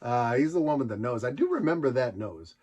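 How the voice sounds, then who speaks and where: A man's voice: mid-range voice, expressive, brisk, a little mellow, slightly rough, lo-fi sound. A man hosting a nostalgia show, joking his way through old children's books and sometimes putting on silly voices. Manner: jokey, puts on silly character voices. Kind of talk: casual comedic commentary.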